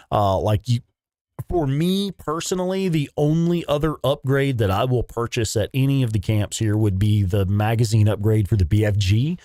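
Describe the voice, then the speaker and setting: A man's voice: medium pitch, a little mellow, dry recording, clean studio sound. Chatty man streaming a game. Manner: chatty, greets viewers, swears casually. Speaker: livestream gamer. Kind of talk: casual livestream chat.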